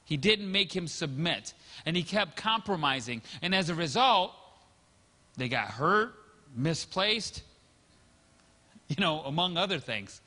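High-voiced preaching pastor in reverberant hall. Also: male voice, very animated, a little slow, long pauses, pushed and bright. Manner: storytelling, acts out quotes. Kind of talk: sermon.

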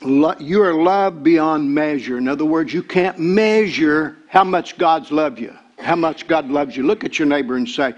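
An older pastor with a drawl delivers a sermon, his voice sitting a little high. He stumbles over repeated words, then swells into shouting as he gets carried away. The recording is dull and lo-fi. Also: moderate pace, hardly any pauses.

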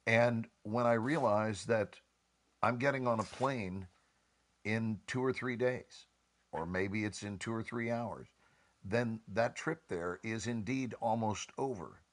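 A man, an actor and guest, speaking in a measured, deliberate way on a panel talk, with expressive shifts in inflection. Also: fairly low pitch.

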